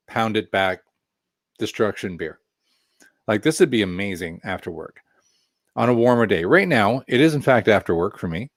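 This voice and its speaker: A man with a low voice hosts a relaxed live beer tasting from home, rambling through his thoughts and poking fun at himself. The sound is close and dry, with no room echo. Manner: chatty, rambling, self-deprecating asides. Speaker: craft beer reviewer.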